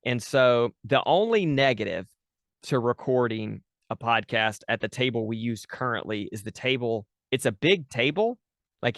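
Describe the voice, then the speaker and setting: A man's voice: medium pitch, fairly bright tone, no echo, studio quality. A man chatting casually as a guest, talking about running his tabletop game podcast, with many fillers and restarts. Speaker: podcast dungeon master, guest. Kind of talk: casual interview chat.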